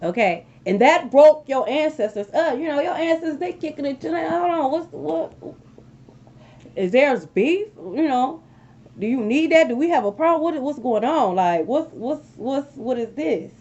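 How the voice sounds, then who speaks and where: High-pitched woman doing a tarot reading, keeps saying okay, kinda muffled lo-fi sound. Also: moderate pace. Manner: animated, repeats phrases, frequent "okay?" asides. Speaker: tarot reader. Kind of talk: casual tarot reading to viewers.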